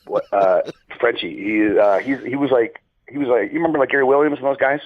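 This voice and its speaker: Husky fast-talking man on a lo-fi line. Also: medium pitch, slight background noise. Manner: rambling, self-mocking storyteller. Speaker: podcast guest. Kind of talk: casual chat.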